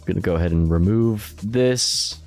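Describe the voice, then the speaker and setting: A man's voice: low voice, normal speed, a little mellow, faint music behind. A man streaming live, reacting to clips in loose, profane, casual chat and chuckling often.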